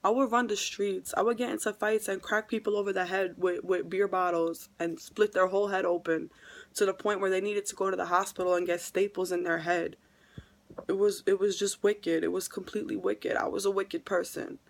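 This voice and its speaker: A woman's voice: medium pitch, flat delivery, a little fast, creaky. New woman talking to camera, emotional faith testimony, says things twice for emphasis. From New York. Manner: emotional, repeats phrases for emphasis. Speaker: vlogger. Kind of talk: earnest religious testimony vlog.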